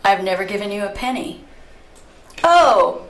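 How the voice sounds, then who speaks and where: A middle-aged woman hosting a talk radio show, telling a story in a lively, chatty way and often breaking into laughter. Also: mid-range voice, moderate pace. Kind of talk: casual talk radio monologue. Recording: roomy echo.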